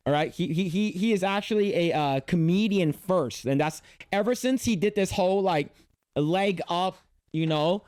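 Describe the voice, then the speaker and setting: A man casually reacting to a video as a streamer, rambling and animated, with many restarts. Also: high voice, normal speed, clear, resonant tone, no echo, studio quality.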